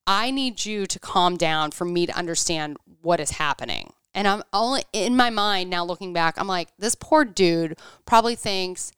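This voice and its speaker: A woman's voice: lowish voice, lively intonation, moderate pace, hardly any pauses, fairly bright tone, clean tone, no room sound, studio quality. A woman in her thirties in casual chat, telling a story animatedly, acting out quotes and saying "like" a lot.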